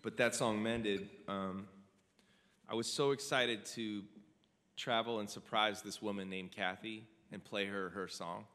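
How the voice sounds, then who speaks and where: Earnest deep-voiced man in reverberant hall. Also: fairly bright tone. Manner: earnest, conversational, asks the audience questions. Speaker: singer-songwriter sharing a song's story. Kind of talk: casual storytelling to a studio audience.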